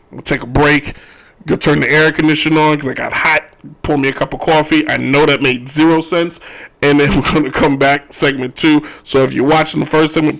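A man hosting a sports talk radio show, ranting his opinions in an animated, joking way. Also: fairly high pitch, vocal fry.

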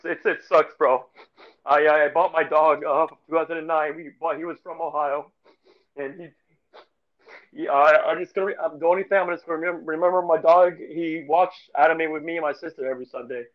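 A man co-hosting a casual sports podcast, talking in a halting, emotional way with many restarts and repeated words. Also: on the high side, muffled recording. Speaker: podcast co-host.

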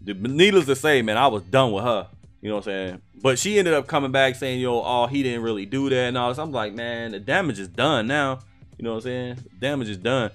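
A man's voice: medium pitch, fairly quick, faint music behind. Slangy young man telling a story. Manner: slangy, animated, lots of fillers. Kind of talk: casual personal storytelling.

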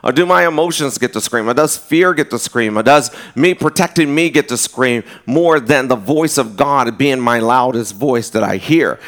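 A man's voice: mid-range voice, moderate pace, few pauses, a bit bright. A man preaching a sermon earnestly, often restarting his phrases. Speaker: pastor.

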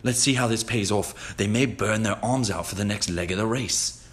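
A man imitating a male British adventure-show host with a British accent, giving drawn-out, marveling commentary. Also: fairly low pitch, lightly acted.

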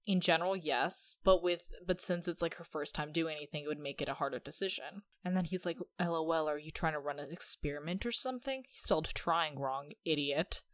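A woman's voice: low-pitched, brisk, hardly any pauses, dry recording. Chatty sarcastic young woman, dry close sound. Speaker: podcast host. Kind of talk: casual chat.

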